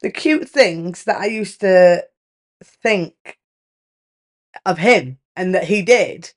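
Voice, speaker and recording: A woman's voice: on the low side, slow. A woman in her thirties, hosting a podcast, tells a candid, emphatic story and swears casually. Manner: animated storytelling with lively rises. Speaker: podcast host. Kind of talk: candid relationship podcast monologue.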